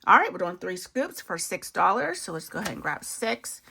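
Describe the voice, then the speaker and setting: Chatty woman with a lively voice. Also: mid-range voice, moderate pace, vocal fry, very noisy. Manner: chatty, talks to viewers as y'all, laughs at herself. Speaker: budgeting video host. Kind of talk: casual savings challenge commentary.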